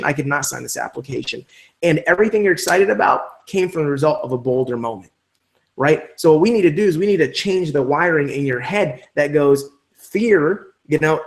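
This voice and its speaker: A man leading a live online training session for network marketers, talking in an energetic, emphatic coaching way. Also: on the high side, creaky.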